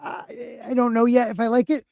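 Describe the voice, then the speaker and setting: A man's voice: very high voice, fairly even intonation, normal speed, gravelly, darkish tone, no echo, clean studio sound. A man co-hosting a podcast, chatting loosely about anime with lots of restarts. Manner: rambling, chatty, frequent restarts. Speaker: podcast co-host. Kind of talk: casual chat about anime.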